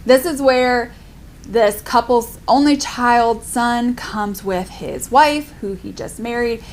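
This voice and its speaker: A woman's voice: on the high side, slow. A young adult woman chatting casually in a book review vlog, filling her talk with "like". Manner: chatty, lots of "like" fillers. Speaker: book vlogger.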